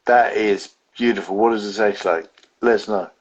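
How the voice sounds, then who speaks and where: A man's voice: lowish voice, moderate pace, breathy edge, lo-fi sound. A man co-hosting a casual beer review livestream, telling rambling stories full of restarts. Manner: rambling, self-interrupting storyteller. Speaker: co-host of a beer review show. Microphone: home setup on a live video stream.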